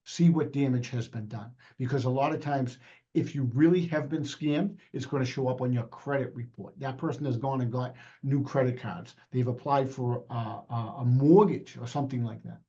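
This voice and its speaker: A man presenting on a video call, talking fast and plainspoken, with many fillers. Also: medium pitch, steady tone, dark tone, dull audio. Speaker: sheriff's department presenter.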